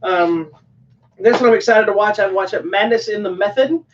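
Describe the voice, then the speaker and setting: A man with a high voice co-hosts a casual podcast chat, talking at a moderate pace in an easygoing, rambling way. The sound is dull, picked up from a distant mic.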